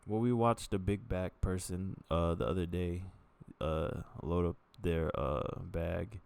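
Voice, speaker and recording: Slow, gravelly deep-voiced man. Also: fairly even intonation, a little mellow, dry recording. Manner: halting, with many fillers and restarts. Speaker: vlogger. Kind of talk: casual talk to camera.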